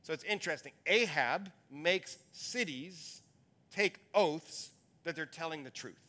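A male pastor gives a conversational sermon, musing aloud as he teaches. His voice sits high for a man and has a bright, forceful edge. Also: expressive, unhurried.

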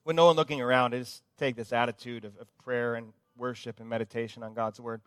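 A man preaching a sermon, repeating words for emphasis and swinging between loud urgent calls and hushed quiet passages. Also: mid-range voice, level tone, fast, smooth, no echo, clean studio sound. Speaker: pastor.

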